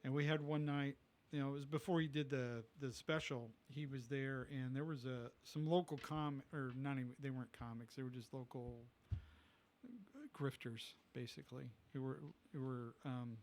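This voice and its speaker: A man's voice: medium pitch, little pitch movement, normal speed. A middle-aged man, a comedian guest, telling a rambling anecdote in casual podcast talk and acting out the people he quotes. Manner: rambling anecdote teller, acts out quoted voices.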